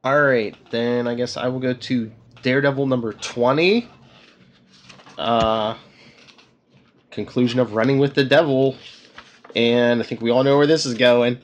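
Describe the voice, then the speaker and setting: A man's voice: mid-range voice, steady tone, measured pace, pauses often, dull audio. A man co-hosting a podcast, rambling through a casual plot recap with lots of fillers. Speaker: podcast co-host. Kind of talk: casual comic review chat.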